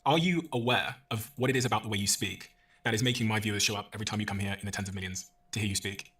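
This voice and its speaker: A man hosting a podcast interview, speaking in a fast, analytical, enthusiastic way. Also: on the low side, fairly bright tone, distant mic. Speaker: podcast host. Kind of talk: interview and sponsor read.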